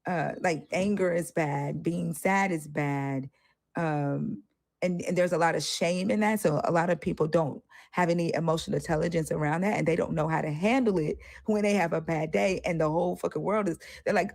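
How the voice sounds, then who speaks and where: A woman's voice: fairly low pitch, moderate pace, creaky, dry recording. Candid, profane woman co-host. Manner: candid and profane, acts out quoted voices. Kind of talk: casual discussion.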